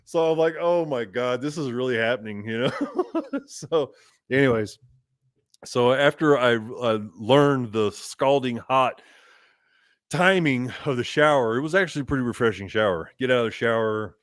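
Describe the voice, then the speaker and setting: A man's voice: medium pitch, normal speed, no echo, studio quality. A man telling a road-trip story on a podcast, laughing often and acting out both sides of the conversation. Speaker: podcast guest. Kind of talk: casual storytelling.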